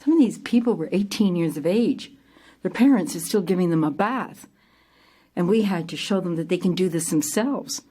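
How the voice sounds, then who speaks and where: An older woman telling a personal story to an audience, lively and animated, acting out scenes with sudden jumps in pitch and loudness. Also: moderate pace, breathy edge. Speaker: theater company founder telling her story.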